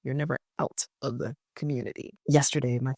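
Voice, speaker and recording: A woman therapist, a podcast guest, chatting casually and telling animated stories, full of "like" fillers. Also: rumbling low, brisk, gravelly, no echo, studio quality. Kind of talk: casual conversational interview.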